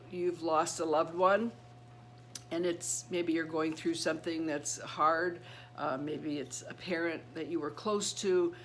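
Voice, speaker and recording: A middle-aged woman telling a personal story to her channel. She speaks earnestly and haltingly, with many restarts and repeated words. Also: sits low, a little hiss or hum. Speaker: channel host.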